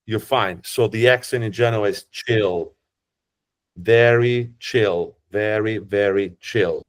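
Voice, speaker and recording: A man's voice: on the low side, slow. A man with an Italian accent, a tour guide who explains in a chatty, joking way with frequent restarts. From Italy. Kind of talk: casual explanatory talk.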